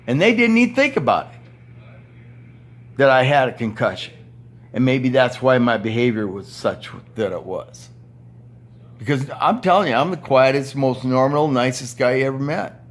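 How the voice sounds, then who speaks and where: An older man in his seventies rants straight to camera from a room at home. He is blunt and profane, and he swears freely as he airs his grievances. His voice sits at an ordinary pitch for a man. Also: lively intonation, normal speed. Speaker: retired power plant worker and former union steward. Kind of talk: angry monologue vlog. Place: indoor room at home with TV and fan.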